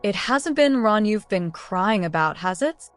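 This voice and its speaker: A woman voicing a gentle, protective young man in an audiobook, speaking softly with a slightly lifted tone. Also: mid-range voice, animated, measured pace, soft background music, close to an everyday voice. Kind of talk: audiobook narration.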